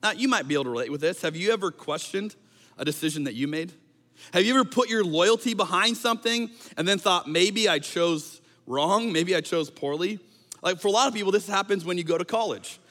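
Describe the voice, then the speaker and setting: A man preaching a conversational sermon as pastor, animated and joking, sometimes acting out quotes in a raised voice. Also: high voice, fast talker, long reverb tail.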